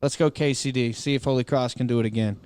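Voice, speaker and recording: A man's voice: mid-range voice, fairly even intonation, fast, darkish tone, clean tone. A man on a sports podcast panel, teasing and drawing out his pick. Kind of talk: casual sports banter.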